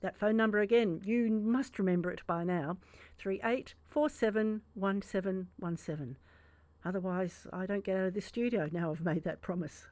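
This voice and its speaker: A woman presents on the radio, making a playful, wry fundraising appeal. Her voice is mellow and warm. The studio microphone gives a close, dry sound. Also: mid-range voice, normal speed, no room sound. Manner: playful, chatty, wry humour.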